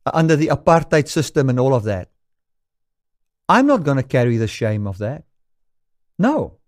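A man from South Africa delivers a sermon in an earnest, middle-pitched voice. He slows down to stress key lines, and the sound is dry and close. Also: big pitch swings, dry recording. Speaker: preacher.

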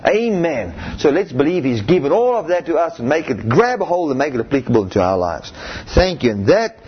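Husky high-voiced male preacher, lively. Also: fairly quick. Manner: emphatic, repetitive exclamations of hallelujah and amen. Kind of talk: sermon. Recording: muffled lo-fi recording.

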